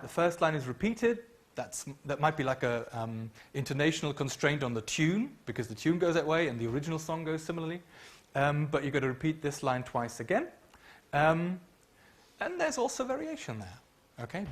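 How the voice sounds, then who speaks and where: Man, middle-aged, university lecturer, fairly high-pitched, explanatory, lots of ums. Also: big pitch swings, normal speed. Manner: explanatory, hedging with frequent ums, hums chant tunes. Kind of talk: academic lecture. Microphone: microphone.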